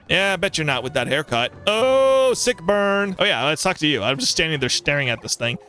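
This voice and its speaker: A man's voice: on the high side, brisk, hardly any pauses, faint music behind. A man playing through a game, reading every villager's lines aloud and joking between them. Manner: animated, jokey, plays every villager. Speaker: let's play streamer.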